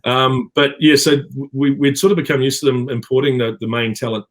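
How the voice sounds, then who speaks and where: A man's voice: mid-range voice, steady tone, a little fast. A middle-aged man with a New Zealand accent, chatting as an interview guest, rambling with many fillers and restarts. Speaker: actor guest. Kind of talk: casual interview chat.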